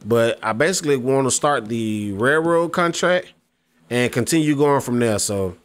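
Commentating his own gameplay, a man rambles along in a mid-range voice at a moderate pace. This gaming YouTuber addresses his viewers head-on, with many fillers and restarts.

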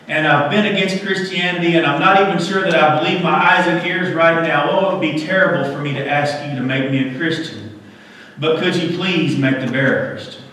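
A man voicing a frightened atheist who pleads with God in a joke told during a sermon, slowly and earnestly. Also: on the high side, bright, forceful tone, recorded from a distance, slight background noise. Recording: echoey church hall from afar.

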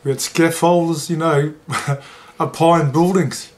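A man, a former rugby league player telling an emotional story in an interview and getting lively when he quotes others. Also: a little high, measured pace. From New Zealand.

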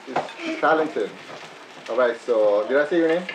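A woman's voice: very deep voice, expressive, normal speed. A woman hosting a casual eating video at home, chatting loosely with many fillers and restarts. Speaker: mukbang vlogger host. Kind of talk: casual chat while cooking and eating. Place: home dining table with sizzling grill. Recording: echoey room with sizzling food noise.

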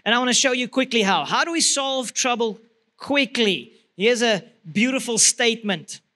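A man with a South African accent telling a lively, laughing story in a church marriage talk. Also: very high voice, moderate pace. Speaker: marriage seminar speaker.

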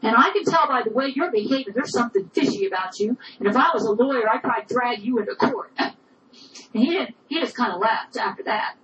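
A woman's voice: fairly high pitch, expressive, fairly quick, fairly bright tone, lo-fi sound, a little hiss or hum. A woman telling a personal story with indignation, often repeating "I said" as she recounts arguments. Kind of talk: personal testimony.

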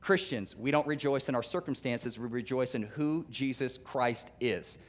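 A man's voice: medium pitch, normal speed. A male pastor preaching a sermon to his church in a conversational, humorous and emphatic way. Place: church sanctuary.

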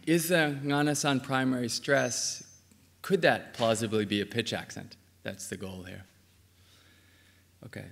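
A man's voice: medium pitch, gravelly, fairly bright tone. Man lecturing in a reverberant hall. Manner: explanatory, frequent ums and uhs, says okay between points. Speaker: linguistics lecturer. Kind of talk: academic conference talk.

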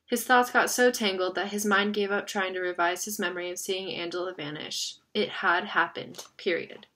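A woman's voice: mid-range voice, moderate pace. Woman reading a children's novel aloud. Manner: steady storytelling, occasional stumbles. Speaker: narrator.

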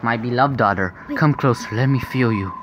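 A man's voice: medium pitch, moderate pace, a bit bright, a little hiss or hum, natural voice. A man voicing a monster posing as a girl's dead mother, coaxing sweetly and then threatening, in a game playthrough. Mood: creepy coaxing. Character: false mother monster, cooing then menacing.

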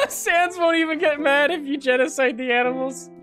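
A young adult woman streamer giving casual gameplay commentary, excitable, swearing and breaking into shrieks. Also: high-pitched, moderate pace, soft background music. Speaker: game streamer.

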